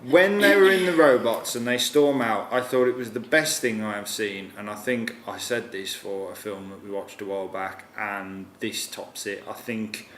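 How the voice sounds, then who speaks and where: A man's voice: lowish voice, normal speed, few pauses, a bit bright. A man chatting animatedly as a film reviewer, swearing casually and slipping into silly voices. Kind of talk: casual chat. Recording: echoey room with faint noise.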